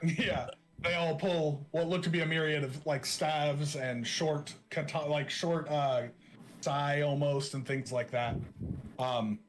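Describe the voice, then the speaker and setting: A man's voice: fairly high pitch, steady tone, slow pace. A man narrating a tabletop game as game master, casual and chatty.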